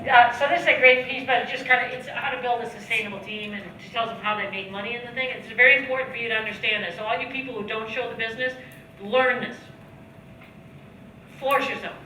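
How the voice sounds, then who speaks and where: A woman giving a motivational sales training talk at a seminar, coaching the audience with rhetorical questions and acted-out sales pitches. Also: pushed and bright. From United States. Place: seminar room, heard from a distance. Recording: echoey room, distant mic, faint background noise.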